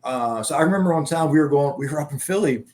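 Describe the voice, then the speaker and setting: A man's voice: fairly high pitch, fast talker, a little mellow. Profane rambling man telling stories. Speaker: guest. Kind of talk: casual chat.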